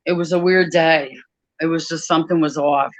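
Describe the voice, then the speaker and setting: A woman giving a personal testimony about her work at an airline crew desk, talking in a halting way with many pauses and restarts. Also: low-pitched, fairly even intonation, no room sound, poor audio.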